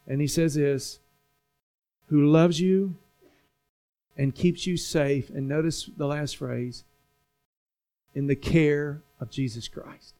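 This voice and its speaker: Male pastor, higher register, gravelly, measured delivery, soft music under him. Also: fairly even intonation. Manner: preaching with slow emphatic build-ups and repetition. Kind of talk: sermon. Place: church sanctuary.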